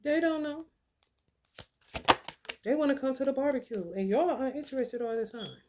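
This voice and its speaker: A woman giving casual spiritual commentary, profane and animated, with laughing asides. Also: high voice, moderate pace. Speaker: spiritual reader.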